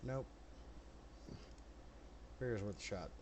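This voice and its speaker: A man running a tabletop game as game master, blunt and brisk, who swears casually. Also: lowish voice, animated, noisy background.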